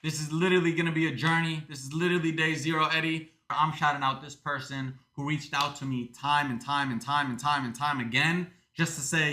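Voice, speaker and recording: A man's voice: fairly high pitch, fairly even intonation, fairly quick, few pauses, bright, forceful tone. A man livestreaming in casual talk, swearing often and ranting, moving between jokes and earnest thanks to supporters.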